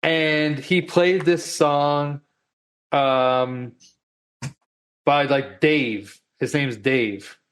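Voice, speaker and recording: A man's voice: a little high, extremely slow, pauses often, a bit bright. A man co-hosting a podcast in casual chat, rambling and peppering his talk with "like" and the odd curse. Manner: rambling, heavy on "like" fillers, casual swearing. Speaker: podcast co-host.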